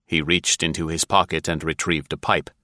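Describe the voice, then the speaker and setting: A man narrating an audiobook in a steady, measured reading voice. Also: rumbling low, no room sound, studio quality.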